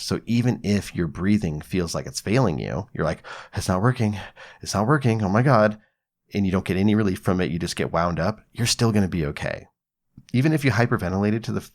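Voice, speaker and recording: Hosting a psychology podcast, this man offers laid-back, chatty advice, swearing casually and acting out examples as he goes. His voice sits low and carries some vocal fry.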